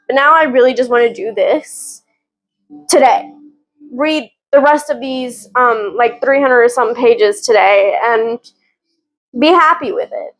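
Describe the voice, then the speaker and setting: A woman giving casual, excitable reading updates as a book vlogger, gushing and often giggling. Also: high voice, rough recording.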